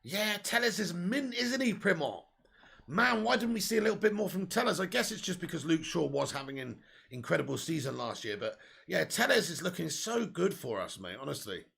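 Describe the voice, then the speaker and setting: A man hosting a live football watch-along, chatty and excitable, swearing freely and reading out viewer comments. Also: fairly high pitch, fairly quick, vocal fry, husky. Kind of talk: casual live match commentary.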